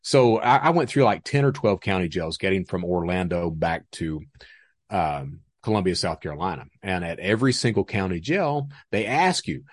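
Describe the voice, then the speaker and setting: A man's voice: low-pitched, animated, moderate pace, dry recording, clean studio sound. A man guest telling his story in a casual, profane, laughing way. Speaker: interview guest.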